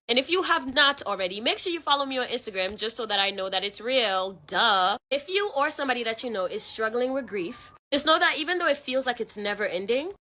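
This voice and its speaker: A woman's voice: mid-range voice, pushed and bright. Casual woman telling a spooky story. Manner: conversational, second-person narration with slang and fillers. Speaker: storyteller vlogger.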